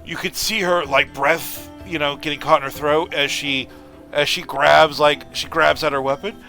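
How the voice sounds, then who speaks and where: A man runs a tabletop game, his voice sitting a little higher than most men's. He narrates in a loose, chatty way, doubling back on his words. Soft music plays faintly underneath. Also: fairly even intonation, normal speed, vocal fry. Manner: loose, conversational narration with frequent restarts. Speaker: game master.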